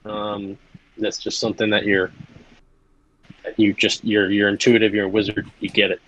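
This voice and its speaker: A man running a tabletop game as game master, laid-back and laughing often, with halting restarts. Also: on the low side, completely flat delivery, fairly bright tone, poor audio.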